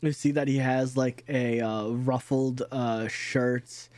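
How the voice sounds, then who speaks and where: A man running a tabletop game as dungeon master, describing scenes with many pauses and fillers. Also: medium pitch, fairly even intonation, darkish tone, no echo. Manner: unhurried, halting, full of fillers.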